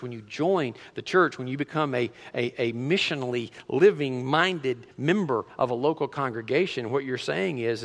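A middle-aged man pastor preaching a sermon in a church, animated, full of rhetorical questions and restarts. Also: mid-range voice, long reverb tail. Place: church sanctuary.

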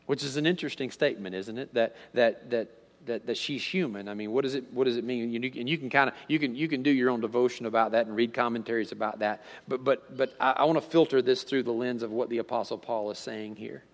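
A male pastor preaching a sermon in a conversational style, repeating words and swinging between loud emphasis and near-quiet storytelling. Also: medium pitch, fast talker, big-room sound.

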